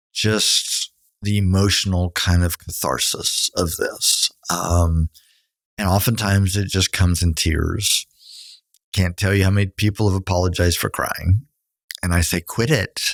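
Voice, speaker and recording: Low gravelly-voiced man giving earnest advice. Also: fairly even intonation, measured pace, no room sound, clean studio sound. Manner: earnest, coaching, quotes people in a higher voice. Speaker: podcast co-host, counselor. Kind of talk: conversational advice talk.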